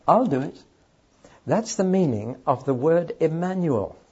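A man's voice: a little high, expressive, measured pace, mellow, husky, muffled recording. A man preaching a sermon to a live audience, emphatic and speaking straight to the listeners. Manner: emphatic, addresses audience directly.

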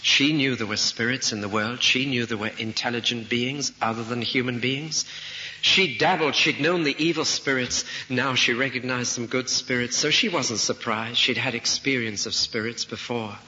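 A man's voice: mid-range voice, steady tone, moderate pace, pushed and bright. A male preacher giving a sermon, retelling a story vividly and asking rhetorical questions. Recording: dull recording in a reverberant hall, faint noise.

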